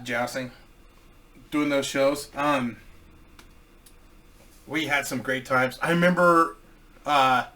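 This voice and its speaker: A man's voice: medium pitch, fairly even intonation, slow, long pauses, bright, forceful tone, recorded from a distance. A man telling crude, boisterous stories in a casual way and laughing at his own jokes. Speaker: host. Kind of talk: casual storytelling.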